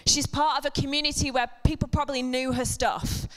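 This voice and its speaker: Her voice sits high and stays steady in tone as she talks fairly quickly. Before a church congregation, this speaker gives a chatty sermon packed with funny side remarks and self-deprecating humor.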